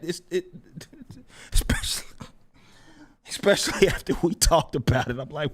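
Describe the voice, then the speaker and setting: A man with a slightly high voice hosts a casual livestream and rants about a feud. He is incredulous and quick to laugh, swears freely, and swings from loud, disbelieving exclamations down to low muttering. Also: lively intonation. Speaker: livestream host.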